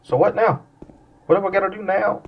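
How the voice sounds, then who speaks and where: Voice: mid-range voice, fairly quick, creaky, slightly rough, distant mic, muffled recording. A gamer giving let's-play commentary on a horror game, pleading and laughing nervously at the scares.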